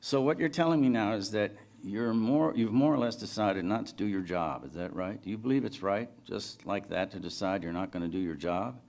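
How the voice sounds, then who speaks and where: A man's voice: on the low side, fairly quick, gravelly, hardly any pauses, darkish tone. An author reading fiction aloud, voicing a lonely, needy man on a phone line, with an earnest, pleading manner.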